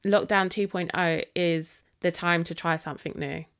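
A woman's voice: on the low side, fairly even intonation, normal speed, clean tone. A woman co-hosting a podcast in casual chat, encouraging and teasing. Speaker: podcast co-host.

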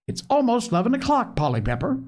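Eager boy voiced by a man for a storybook read-aloud; high, pleading, restless. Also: fast, heavily acted. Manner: excited, pleading. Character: eager impatient young farm boy.

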